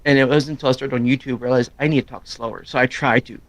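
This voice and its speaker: Loud fast-talking dude just rambling on stream, dry close sound. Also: male voice, mid-range voice, fairly even intonation, no echo. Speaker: streamer co-host. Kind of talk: casual chat.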